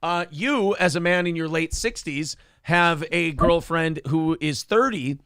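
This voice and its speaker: A man in his late thirties hosting a morning talk show, rambling with halting restarts. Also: fairly high pitch, a bit bright, clear, resonant tone, dry recording, studio quality. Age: 30s. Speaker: show host. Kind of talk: casual chat.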